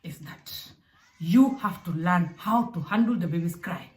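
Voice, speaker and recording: A young adult woman from Africa giving parenting advice in a casual, direct, animated way. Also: fairly low pitch, measured pace. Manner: animated and direct, with acted asides. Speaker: parenting vlogger. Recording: echoey room.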